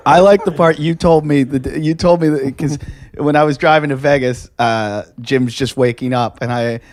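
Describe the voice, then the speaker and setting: A man's voice: on the high side, fairly even intonation, moderate pace, a little mellow, no echo. A man chatting casually on a podcast, loose and laughing, chiming in with quips.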